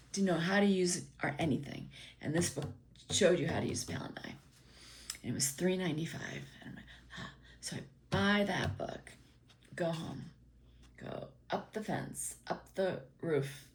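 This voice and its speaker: A woman's voice: lowish voice, normal speed. A woman telling a personal story in a casual, meandering way, with many ums, acting out her father's lines.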